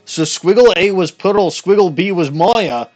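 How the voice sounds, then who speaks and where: A man's voice: high voice, a little slow, a little mellow, soft background music. A man playing through a game, reading the dialogue aloud in a goofy put-on Scottish accent and commenting on the story. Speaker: let's play streamer.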